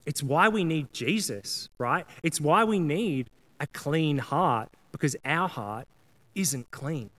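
A man's voice: a little high, animated, takes it slowly, fairly bright tone. A man preaching a sermon in a casual, earnest way, often acting out prayers and apologies in quoted voices. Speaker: pastor.

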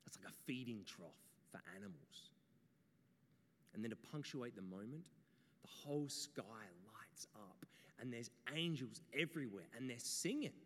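A man's voice: medium pitch, a little slow. A man preaching a sermon, telling stories and speaking straight to his listeners. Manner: storytelling, animated, addresses the audience directly. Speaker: pastor. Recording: long reverb in a hall.

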